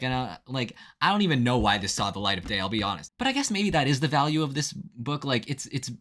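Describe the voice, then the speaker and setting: A young adult man talking through a book review in a loose, rambling way, with plenty of fillers. He keeps tossing "right?" at the listener, with his pitch sitting in an ordinary middle range. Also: big pitch swings, fast talker, hardly any pauses, a bit bright. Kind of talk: casual spoiler review rant.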